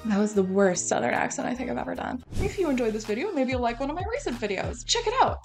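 A woman's voice: fairly high pitch, very animated, quick pace, gravelly, hardly any pauses, faint music behind. A woman vlogger chatting casually through a try-on haul, rambling and filling her talk with "like" and "um". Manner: rambling, filler-heavy, uses "like" and "um" a lot.

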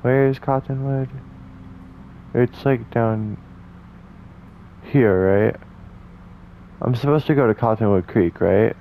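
A chatty man narrating his gameplay in a loose, casual way, laughing at himself and cursing now and then. His voice sits at a middling pitch. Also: takes it slowly, vocal fry, pauses often, narrow, tinny audio, slight background noise. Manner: chatty, self-mocking, swears. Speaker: let's play host.

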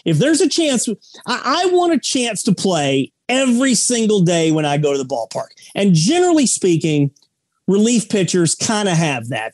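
A man's voice: a little high, a little mellow, no room sound. A man co-hosting a sports podcast, talking bluntly and emphatically in a joking, casual way. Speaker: podcast co-host.

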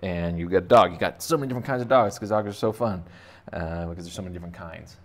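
A man's voice: sits low, fast. A man teaching kids to draw in a casual, rambling, jokey way, thinking aloud as he sketches. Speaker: art teacher. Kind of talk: casual drawing lesson for kids.

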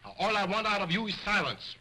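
A man's voice: sits high, sing-song, quick pace, bright, forceful tone, slight background noise, full character voice, low-quality recording. An actor playing a vain, domineering ventriloquist who scolds his dummy sternly, in 1920s early talkie acting. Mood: scolding.

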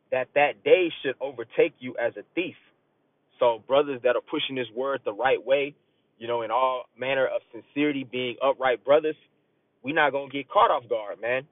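A man's voice: medium pitch, no room sound. Earnest man preaching over a tinny line. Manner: loose and conversational, drops "man" often, reads scripture aloud; earnest and urging, rising as he presses a point. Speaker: street preacher. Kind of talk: casual sermon. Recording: tinny phone-like audio, dry.

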